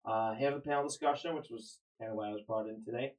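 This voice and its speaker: A man's voice: medium pitch, quick pace, rough recording. A man chatting as a podcast guest, rambling and correcting himself as he goes. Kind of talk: casual chat.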